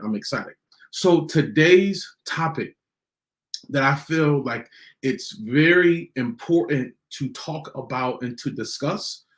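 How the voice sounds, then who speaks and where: A man hosting a motivational podcast, repeating his key lines slowly for emphasis. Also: on the high side, reverberant. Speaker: podcast host.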